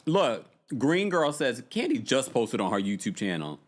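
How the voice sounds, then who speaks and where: Lively, gossipy man hosting a recap stream. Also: moderate pace. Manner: animated, gossipy, yawning and laughing, swings between high exclamations and low asides. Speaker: host of a live reality-TV recap stream. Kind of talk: casual live-stream recap reading chat comments.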